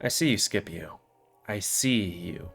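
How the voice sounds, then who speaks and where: Cold, accusatory female wolf mystic in a visual novel, voiced by a man; low, calm, even delivery. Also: normal speed, faint music behind.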